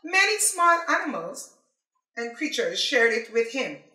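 A woman reading a children's picture book aloud as a library storyteller, in an expressive, animated way. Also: on the high side, measured pace, roomy sound, low-quality recording.

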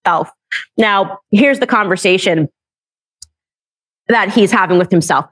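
A woman's voice: medium pitch, a little slow, long pauses, fairly bright tone. Sarcastic woman retelling a story. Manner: sarcastic storytelling, laughs at the subject. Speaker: political commentator. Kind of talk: mocking commentary on a book.

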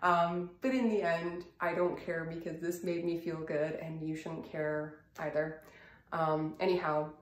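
A woman's voice: sits low, little pitch movement, measured pace, echoey room. Chatty, self-deprecating woman vlogger. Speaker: wellness vlogger. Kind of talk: casual vlog.

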